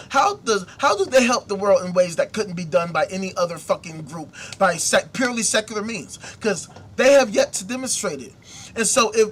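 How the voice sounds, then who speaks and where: Ranting on his commentary show, this man swears freely and keeps asking rhetorical questions in indignation. His voice is high and slightly bright, suited to a casual rant.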